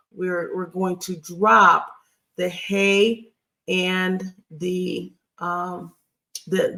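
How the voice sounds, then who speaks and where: A Hebrew grammar teacher talks through a recorded lesson at an unhurried, deliberate pace. The voice is gravelly with a touch of vocal fry. Delivery is halting and patient, pausing often to check in with the listeners. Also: medium pitch, pushed and bright. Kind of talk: recorded online lesson, writing on screen.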